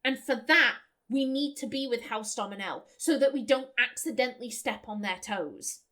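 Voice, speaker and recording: A young woman hosts a game playthrough, musing aloud and reading out the choices she is weighing. Her voice sits high and bright. She talks in a loose, chatty way. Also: normal speed. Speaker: let's play host. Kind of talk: gameplay commentary.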